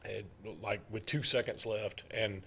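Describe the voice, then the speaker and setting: A man's voice: on the low side, fairly even intonation, unhurried, gravelly, sharp tone, breathy edge. A man co-hosting a casual sports talk radio show, arguing his picks and joking with the host.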